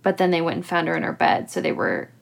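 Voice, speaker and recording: A woman's voice: on the low side, big pitch swings, fast talker, creaky. A young woman co-hosting a podcast, recounting a ghost story in a dry, matter-of-fact way with wry asides. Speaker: podcast co-host. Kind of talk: casual chat, storytelling.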